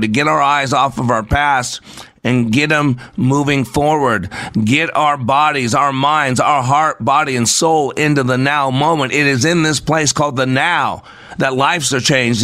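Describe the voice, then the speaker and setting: Male radio host and leadership coach, emphatic preacher cadence, mid pitch, dry studio sound. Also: a bit bright, no room sound. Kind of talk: motivational radio talk.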